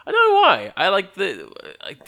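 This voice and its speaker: An Australian man, a guest on a casual podcast, chatting in an animated, joking way and laughing often. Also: sits high, moderate pace.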